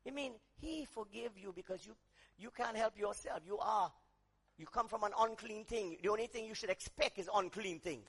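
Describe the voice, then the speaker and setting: High, bright-voiced preacher man. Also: moderate pace, breathy edge. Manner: swings from quiet asides to shouted emphasis; acts out quoted voices. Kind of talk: sermon.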